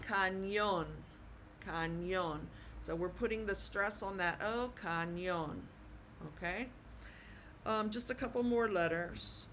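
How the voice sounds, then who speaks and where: A woman giving an online language lesson, slowly spelling out letters and repeating each sound patiently. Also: medium pitch, a bit bright, slight background noise. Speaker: Spanish teacher.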